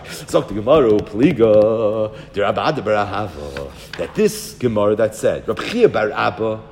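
A man giving a Talmud lesson, explaining quickly and weaving Hebrew and Aramaic terms into his English. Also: mid-range voice, darkish tone, long reverb tail, slight background noise. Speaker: Talmud teacher. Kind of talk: Talmud lecture.

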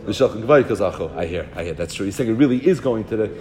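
A man teaching a Talmud lesson at a quick clip, rushing through Hebrew and Aramaic terms inside his English. His pitch swings up and down a lot as he argues each side. The recording rings with a long hall reverb. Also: expressive, a little mellow, faint music behind. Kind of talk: Talmud lecture.

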